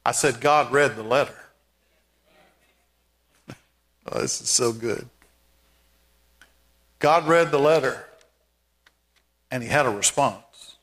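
A man preaching a sermon as pastor, emphatic, with repeated calls and rising shouts. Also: medium pitch, big-room sound.

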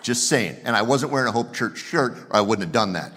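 A man's voice: medium pitch, expressive, fairly quick, a bit bright. A male pastor preaching a sermon in a conversational, self-deprecating way, joking with the congregation.

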